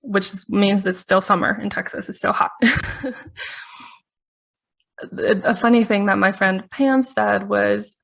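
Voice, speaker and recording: A woman's voice: mid-range voice, unhurried, creaky, long pauses, fairly bright tone. A woman podcast host telling a story in a chatty, casual way, laughing often between her sentences.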